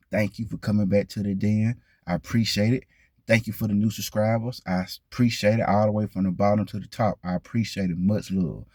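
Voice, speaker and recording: This is a male vlog host speaking casually to the camera in a fairly low, warm, husky voice, recorded at studio quality with no echo. He addresses viewers directly, keeps asking them questions, and repeats his points for emphasis.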